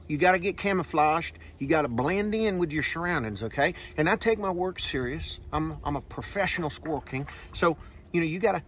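A man hosting a comic vlog outdoors, talking in a folksy, hushed, deadpan way and tagging phrases with "okay?". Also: fairly high pitch, a little hiss or hum. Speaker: vlog host playing a self-styled squirrel expert. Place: outdoors under a tree on a farm. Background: faint crickets and insects.

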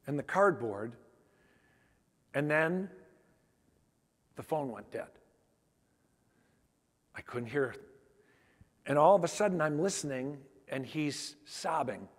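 A man on stage at a conference, telling heartfelt stories in an emphatic storytelling style and acting out the quoted dialogue. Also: on the high side. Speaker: conference speaker. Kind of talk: storytelling keynote talk. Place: large conference hall. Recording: long hall reverb.

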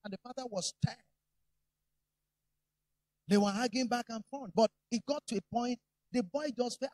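A man's voice: extremely high pitch, normal speed, long pauses, no echo. A man preaching a sermon, telling stories with humor and acting out voices. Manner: animated, humorous storytelling.

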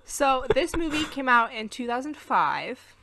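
A woman's voice: high voice, big pitch swings, a little slow, sharp tone. An American woman co-hosting a podcast, chatting casually through a movie review and recapping the plot, laughing at her own slips. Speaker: podcast co-host.

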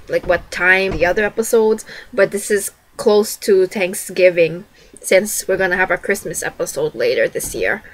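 A young woman chatting excitedly as she reacts to and recaps a TV episode, gushing and exclaiming as she goes. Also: mid-range voice, low-quality recording. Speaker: TV reaction vlogger. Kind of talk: casual live reaction and recap.

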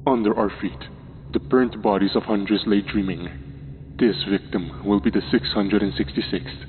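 A man's voice: lowish voice, fairly even intonation, normal speed, in a large hall, narrow, tinny audio, slight background noise, natural voice. A man voicing a fanatical robed cult leader in a goat mask, proclaiming in a ritual chanting delivery for a horror story.

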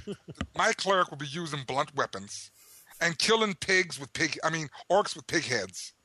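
A man on a gaming podcast with a slightly raised pitch and a bright, forward tone. He jokes and exclaims through casual chat, close to a dry mic. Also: animated, normal speed, no echo. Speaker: podcast co-host.

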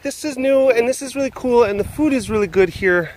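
A man's voice: very high voice, brisk, slight background noise, voice pushed up. A man voicing a young male lion who is new and overwhelmed, rambling breathlessly and stumbling over his words. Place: outdoors at a wild animal facility.

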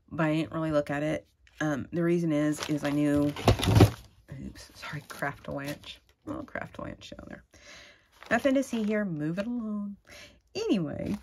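A middle-aged woman, chatting casually and gushing excitedly as she opens craft mail at home. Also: low voice, background noise. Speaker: crafting vlogger. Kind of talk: casual unboxing chat.

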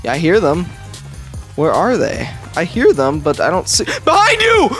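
A young man hosting a gaming video, teasing and joking, bursting into high screams when chased. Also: sing-song, normal speed, faint music behind. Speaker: gaming channel host. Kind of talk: playful Let's Play banter.

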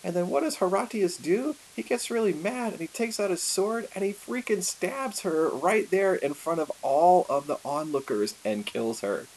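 A man telling a history story in a lively, conversational lecture style, full of asides and fillers. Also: sits high, normal speed, hardly any pauses, slight background noise, poor audio.

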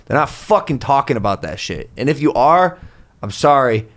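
A man's voice: medium pitch, sing-song, normal speed, a bit bright. A man appearing as a podcast guest, talking in a brash, profane, casual way. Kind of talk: casual chat.

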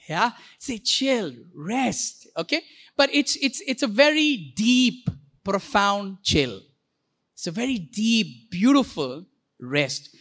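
Lively pastor preaching. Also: medium pitch. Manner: interactive, calls the congregation to repeat words; playful, quick asides and jokes. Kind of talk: sermon. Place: church.

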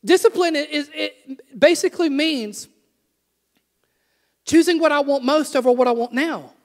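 A young adult man preaching a sermon, with animated repeated refrains and self-deprecating jokes. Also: extremely high pitch, long reverb tail. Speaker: pastor. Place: church sanctuary.

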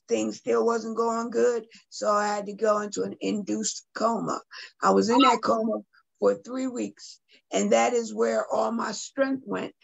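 A woman's voice: a little high, creaky, muffled recording. A middle-aged woman, a guest artist and poet, earnestly telling a personal story on a video call and speaking directly to her listeners.

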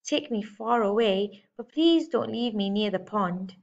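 A woman voicing small storybook farm animals that apologize and plead in a raised, higher voice. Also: measured pace, gravelly. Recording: slightly dull lo-fi recording.

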